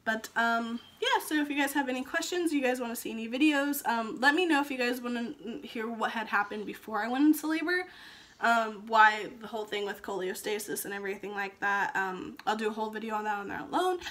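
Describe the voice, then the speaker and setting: A young new mother talks to her camera in a casual vlog, recounting her delivery with lots of ums. Her voice sits a little high and rings bright and clear. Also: a little fast. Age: young adult. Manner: chatty, emotional retelling with frequent ums.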